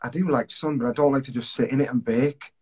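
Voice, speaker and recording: A man's voice: medium pitch, steady tone, fast, darkish tone, breathy edge. A man, a singer-songwriter, chatting casually in an interview on a video call, self-deprecating and full of restarts.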